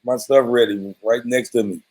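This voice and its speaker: Chill joking guy, middle pitch, casual chat. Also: fairly even intonation, moderate pace, a little mellow, breathy edge, low-quality recording. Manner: laid-back, joking.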